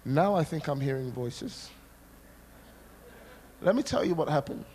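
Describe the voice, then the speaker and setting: A man preaching a sermon, telling a personal story with dramatic, animated delivery. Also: a little high, a little slow, a little hiss or hum.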